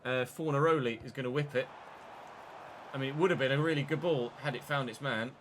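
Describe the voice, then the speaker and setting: A man giving casual, jokey let's-play commentary on his own football video game match, chatty and quick to get excited. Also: medium pitch, slight background noise. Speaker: gaming YouTuber.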